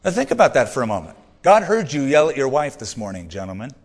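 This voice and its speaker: A man's voice: mid-range voice, sing-song, quick pace, in a large hall. A man preaching a sermon in a conversational, humorous way, reading scripture aloud between stories. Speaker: pastor.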